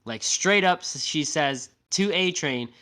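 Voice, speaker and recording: A man recaps a TV episode on his podcast in loose, animated talk, peppered with swearing. His voice sits a little high for a man. He keeps checking in with his co-host through tag questions and acts out the characters' lines as he goes. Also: unhurried.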